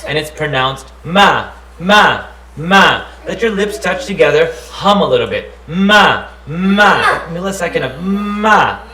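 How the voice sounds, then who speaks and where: Letter by letter, a man drills the Arabic alphabet in a fun call-and-response style, repeating sounds and leaning on silly memory tricks. His voice sits on the high side, animated, pushed and bright, unhurried with few pauses, in an echoey room.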